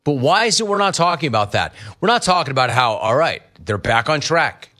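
A middle-aged man hosting a sports talk radio show, riffing lively on callers and the news. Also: on the high side, a little fast. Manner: lively, riffing, mock-quoting callers and family.

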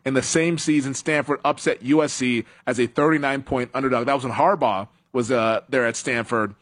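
A man's voice: medium pitch, fairly even intonation, fairly quick, fairly bright tone. A man hosting a sports talk show, chatting casually, laughing often and acting out quotes. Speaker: sports radio host.

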